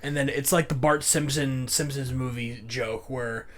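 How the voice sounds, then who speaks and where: A man's voice: mid-range voice, fairly even intonation, measured pace. A man co-hosting a casual movie review podcast, jumping in with extra details and laughing easily. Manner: chatty, jumps in to add details, laughs easily. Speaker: podcast co-host.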